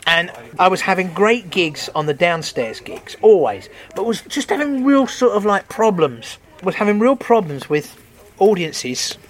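A man's voice: sits high, a little slow. A man, a stand-up comedian, chatting casually and acting out stories with laughter and swearing. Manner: animated storyteller acting out crowd voices, swearing, laughing often. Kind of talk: casual chat, anecdotes.

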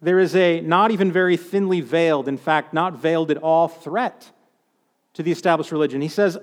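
A man's voice: on the high side, moderate pace, long reverb tail. A man preaching a sermon in a conversational way, with joking asides.

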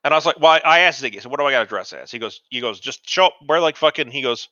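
A man casually telling a profane, animated story about an old job, acting out the dialogue. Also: mid-range voice, racing, dry recording, lo-fi sound. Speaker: podcast co-host.

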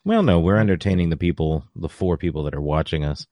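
Low-voiced man in casual movie chat. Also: quick pace, dark tone, no echo. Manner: rambling, swears, acts out movie lines in mock voices. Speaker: podcast co-host.

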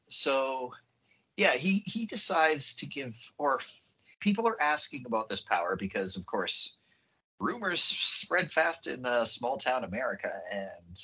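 Brief: male podcast co-host, animated storyteller, husky edge to his voice. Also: mid-range voice. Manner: animated storytelling, laughs easily. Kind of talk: casual chat. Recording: muffled lo-fi podcast audio.

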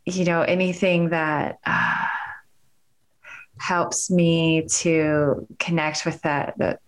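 A middle-aged woman speaking as a podcast guest, emotional and hesitant, with many pauses and fillers. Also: deep voice, little pitch movement. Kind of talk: interview conversation.

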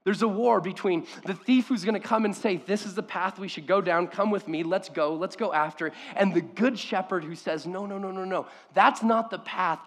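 A man preaching a sermon with passion, his voice sitting a little high for a man. He swings from loud, emphatic bursts down to quiet, hushed lines. The sound carries a long reverb from a large hall. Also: normal speed, few pauses. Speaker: pastor.

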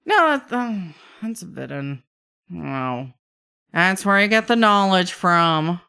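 A woman voicing a mischievous male trickster spirit who talks in a playful, drawn-out, chatty way. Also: on the low side, animated, gravelly, bright, forceful tone, clear, resonant tone, heavily acted. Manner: teasing, drawn-out, chatty with trailing fillers.

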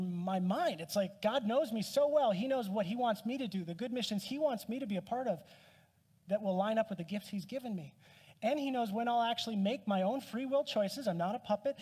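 A man's voice: sits high, darkish tone, breathy edge. A man preaching a sermon as a pastor, in a conversational, self-deprecating way with touches of humor. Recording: long reverb from a hall.

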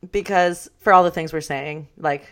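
Animated woman co-hosting a podcast. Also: low-pitched, normal speed. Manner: animated, swears freely, reads quotes aloud. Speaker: podcast co-host. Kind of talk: casual chat.

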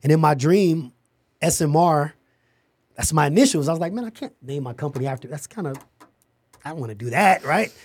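A middle-aged man, a podcast guest, telling an animated story about starting his company and acting out the dialogue. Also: fairly high pitch, fairly quick, pauses often, husky.

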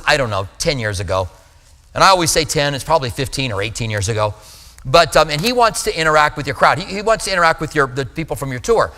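A man preaching to a congregation, talking through his points casually and breaking off into asides. His voice is slightly high and bright, and a long reverb from a large church hall trails behind it. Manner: conversational, with asides and self-corrections. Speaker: pastor. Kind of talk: sermon teaching.

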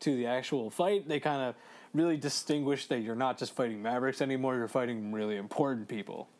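A man co-hosting a casual video game chat, excitable, swearing freely and laughing often. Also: medium pitch, a little fast. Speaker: let's play co-host.

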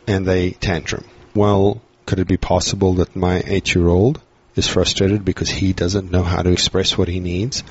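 A man's voice: sits low, flat delivery, normal speed, hardly any pauses, breathy edge. A man, a guest on a parenting podcast, talking at length in a reflective, explaining way. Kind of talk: earnest podcast conversation. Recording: dull lo-fi audio.

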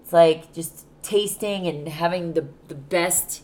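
Young woman, low voice, super tired, rambly podcast chat w/ lots of swearing. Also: takes it slowly, darkish tone. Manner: candid, rambling, swears freely. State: exhausted. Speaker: podcast host. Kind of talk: casual solo podcast chat.

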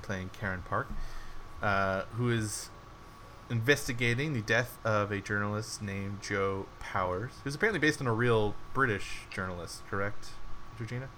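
A man's voice: fairly low pitch, normal speed, sharp tone, a little hiss or hum. A man co-hosting a casual review podcast, rambling with lots of "like"s and laughing often. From United States. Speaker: podcast co-host.

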